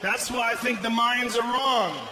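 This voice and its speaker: A man performing a stand-up comedy set, loud and profane, shouting his punchlines. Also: very high voice, fairly even intonation, a little slow. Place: comedy club stage with a laughing audience. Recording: live club recording with audible crowd noise.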